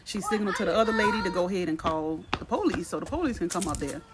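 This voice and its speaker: A woman telling a storytime about her school front-office job in a chatty, lively way, acting out everyone's quoted lines. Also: lowish voice, very fast, very noisy. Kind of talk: casual storytime vlog.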